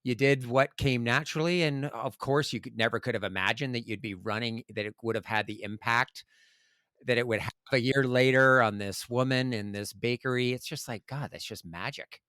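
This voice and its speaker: A man's voice: mid-range voice, moderate pace, pushed and bright, clean tone, no room sound. Man hosting a podcast, dry close sound. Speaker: podcast host. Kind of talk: interview podcast.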